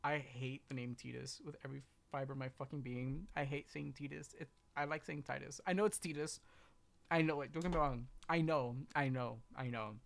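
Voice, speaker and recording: A streamer chatting casually on a live stream, excitable and profane, swinging from low mutters to squeals. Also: a little fast, vocal fry.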